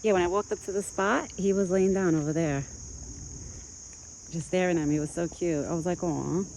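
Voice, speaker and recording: Soft-spoken vlogger coaxing a deer outdoors. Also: mid-range voice, fairly quick, a little hiss or hum. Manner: soft, coaxing baby talk to the animal, lifted and sing-song; relaxed, chatty asides to the viewer. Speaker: vlogger feeding a wild deer. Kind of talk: casual vlog narration mixed with talk to an animal. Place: outdoors in a rural yard. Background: crickets and faint outdoor ambience.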